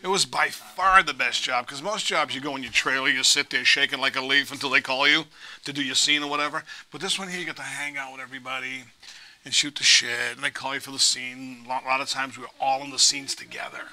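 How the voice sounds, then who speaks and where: A man's voice: medium pitch, steady tone, quick pace, sharp tone, rough recording. A middle-aged man, a guest actor, telling profane, joking stories in a casual interview. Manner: profane, joking anecdotes with put-on voices.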